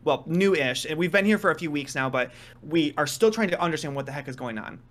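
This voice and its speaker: A man serves as game master for a tabletop role-playing session, narrating the scene quickly and in an animated way. His voice sits a little high, and he slips into the voices of the people he describes now and then.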